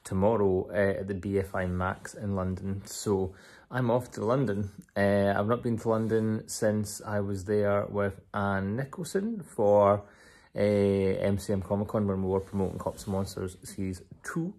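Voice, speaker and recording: Husky, low-voiced chatty man. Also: moderate pace, darkish tone. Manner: chatty, rambling, self-deprecating. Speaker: vlogger. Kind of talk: casual travel vlog.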